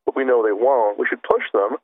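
A man's voice: mid-range voice, a little fast, dry recording. A man appearing as a guest on talk radio, speaking in an earnest, urgent way. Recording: phone line.

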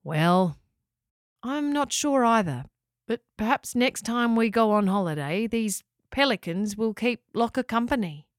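A woman voicing a kindly, gently joking father in a children's story. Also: fairly high pitch, expressive, measured pace, no room sound, clean studio sound. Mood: bemused. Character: kindly, bemused father of a family.

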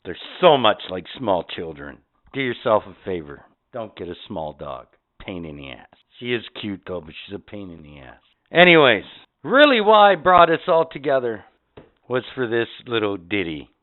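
A man's voice: fairly low pitch, moderate pace. A man hosting a podcast, telling rambling stories full of swearing in a casual rant. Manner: profane, animated storytelling. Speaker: podcast host. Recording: tinny phone-like sound.

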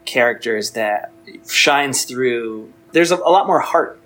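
A man's voice: medium pitch, animated, takes it slowly, a bit bright, low-quality recording. A man in casual chat about a film, laughing often and stumbling over restarts as he talks. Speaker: podcast guest.

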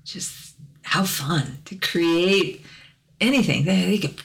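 Low-voiced woman with an Arkansas accent. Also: slow pace, gravelly. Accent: Southern US, Arkansas. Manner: chatty, laughs often, animated storytelling. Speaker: podcast co-host. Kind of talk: casual chat.

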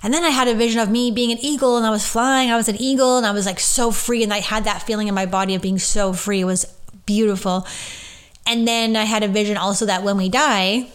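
A woman's voice: medium pitch, steady tone, fast talker, clean tone. Chatty woman medium rambling on her podcast, gushy, lots of "like". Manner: gushing, rambling, many fillers. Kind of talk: casual solo podcast monologue.

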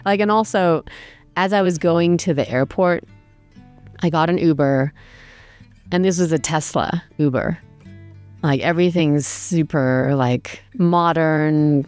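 Low-voiced chatty woman telling a story. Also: darkish tone, smooth. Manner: chatty, self-deprecating, lots of fillers. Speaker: podcast host telling a travel story. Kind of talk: casual storytelling monologue.

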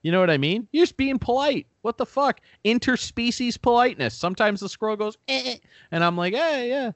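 A man co-hosting a casual podcast, spinning a profane, animated story. His voice sits a little high and jumps around a lot in pitch. The sound is dry and close. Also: brisk, dry recording. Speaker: podcast co-host. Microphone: remote call mic.

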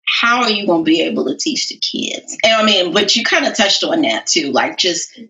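A woman hosting a casual interview, asking questions in a relaxed, conversational way. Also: lowish voice, normal speed, creaky, lo-fi sound. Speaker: host.

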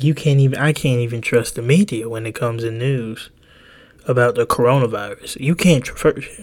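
A young adult man hosting a podcast, ranting casually in a rambling, profane way that jumps between pitches. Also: darkish tone. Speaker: podcast host.

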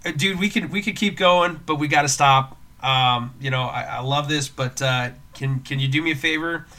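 Male podcast host, very bright and forceful tone, casual storyteller who restarts often. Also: fairly high pitch, moderate pace. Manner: storytelling, animated with many restarts. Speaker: worship leader and podcast host.

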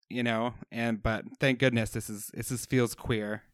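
A man's voice: mid-range voice, steady tone, moderate pace, few pauses, smooth, no echo, studio quality. A man co-hosting a podcast, talking casually and laughing often. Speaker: podcast co-host.

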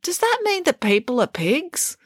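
A woman's voice: sits high, sing-song, moderate pace, no echo, studio quality, voice pushed up. A woman doing a puzzled young boy. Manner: earnest, puzzled. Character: earnest, thoughtful young boy.

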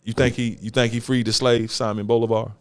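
A man hosting a casual podcast chat, talking in an animated way and firing off rhetorical questions. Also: mid-range voice, brisk, clear, resonant tone. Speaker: podcast host.

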